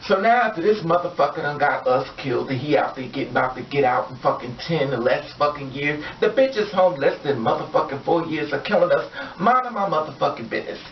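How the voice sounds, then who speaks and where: A woman's voice: deep voice, animated, brisk, hardly any pauses, distant mic, a little hiss or hum. Fiery, profane woman ranting in an echoey room. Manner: angry, blunt and profane, addressing viewers directly. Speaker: vlogger. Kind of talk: impassioned rant to camera. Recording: echoey room, off mic, dull lo-fi sound.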